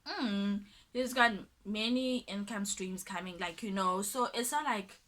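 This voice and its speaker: A young woman, telling a dating story in a casual storytime vlog, animated and sometimes dropping to a mutter. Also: mid-range voice, measured pace. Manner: animated, drops to a mutter when dismissive.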